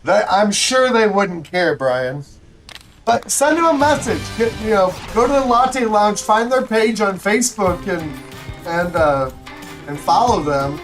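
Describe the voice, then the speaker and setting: A man's voice: high-pitched, lively intonation, a little slow, a bit bright, soft background music, rough recording. A man hosting a livestream, giving rambling, chatty commentary to viewers while he plays a golf game. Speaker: livestream host. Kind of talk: casual gameplay commentary.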